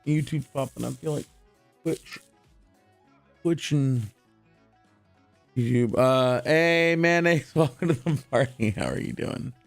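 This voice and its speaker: A man's voice: fairly high pitch, slow, creaky, long pauses, faint music behind. A young man streaming live, chatting casually and greeting his viewers one by one in an upbeat, rambling way while his voice is wearing out. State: losing his voice.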